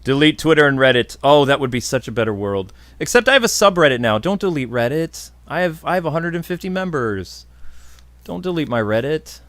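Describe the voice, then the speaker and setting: Blunt, opinionated podcast host. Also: male voice, on the high side, animated, fairly quick, a bit bright, no echo. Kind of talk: casual podcast chat answering viewer questions.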